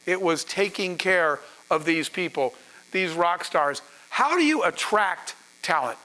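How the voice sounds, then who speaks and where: Guy founder on a panel, high bright voice, laughs a lot while telling stories. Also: a little slow, low-quality recording. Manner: animated, laughing, acting out dialogue. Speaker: startup founder and panel speaker. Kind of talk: storytelling talk to an audience.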